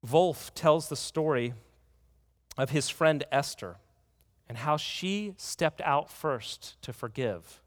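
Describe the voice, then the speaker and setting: A man's voice: fairly high pitch, lively intonation, slow pace. Earnest male pastor in a reverberant hall. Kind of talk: sermon.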